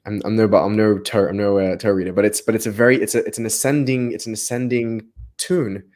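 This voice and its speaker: A man's voice: on the low side, fairly even intonation, fast, a little mellow. A man co-hosting a live text study, talking with energy and restarting phrases as his ideas build. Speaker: co-host of a text study livestream. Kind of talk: animated live study discussion.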